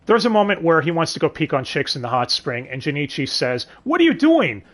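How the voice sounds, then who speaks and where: A man with a somewhat high, slightly bright voice talks briskly, his intonation lively. He reviews a dub in casual commentary, sarcastic and swearing often, sighing and putting questions to his listeners.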